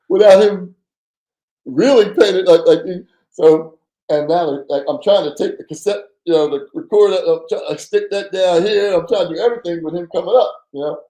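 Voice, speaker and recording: A man telling a story as a podcast guest, animated and acting out the voices of people in it, often stammering and repeating words. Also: high-pitched, moderate pace, roomy sound, low-quality recording. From New Jersey. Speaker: podcast guest, former undercover FBI agent. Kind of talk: casual storytelling.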